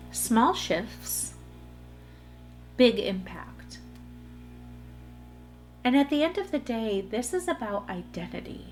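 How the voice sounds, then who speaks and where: A woman's voice: fairly high pitch, darkish tone. A woman hosting a solo podcast, talking earnestly in a coaching way straight to her listeners. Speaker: podcast host. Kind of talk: solo motivational podcast talk.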